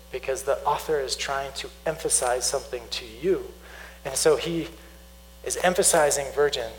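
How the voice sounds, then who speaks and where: A man preaching a sermon, teaching earnestly, slowing down to stress key points and reading scripture aloud. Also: mid-range voice, a little hiss or hum, poor audio. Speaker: pastor.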